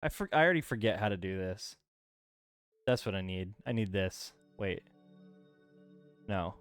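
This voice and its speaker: A man's voice: fairly low pitch, lively intonation, normal speed, faint music behind. A man streaming a video game from home, chatting casually in a playful, rambling way. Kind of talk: casual gameplay stream chat. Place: home room.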